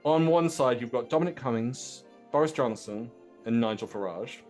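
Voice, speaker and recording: A man's voice: medium pitch, normal speed, darkish tone, soft background music. Playful podcast host, man. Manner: playful, laughs often, sets up questions. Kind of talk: casual political chat.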